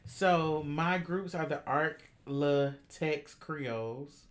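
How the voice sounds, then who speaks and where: A woman chatting casually on a podcast, laughing often and reading out figures slowly. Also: low voice. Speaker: podcast co-host. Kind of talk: casual chat.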